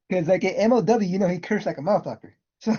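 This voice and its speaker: A podcast co-host chiming in with quick, profane, laughing asides in casual chat. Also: medium pitch, mellow, slightly rough. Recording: dull lo-fi recording.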